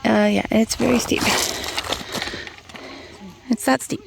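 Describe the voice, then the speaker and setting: Amid crowd noise, a woman speaks slowly at medium pitch with fairly even intonation, vocal fry, and frequent pauses. She's vlogging casually while hiking a long-distance trail, candid and often laughing into a handheld camera.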